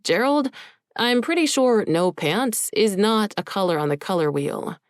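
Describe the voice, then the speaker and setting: A woman's voice: mid-range voice, expressive, unhurried, no echo, voice pushed up, lightly acted. Teen boy, wry and eager, joking tone , woman reader voicing him, dry close sound.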